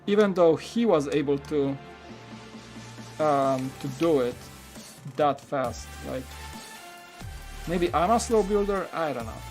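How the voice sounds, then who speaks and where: A man's voice: a little high, slow, pauses often, soft background music. A man from Poland with a Polish accent, chatting casually and rambling while he hosts a live building stream and answers viewers' questions. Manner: rambling, relaxed, many "like" fillers, answering chat questions. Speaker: live-stream host building a toy set.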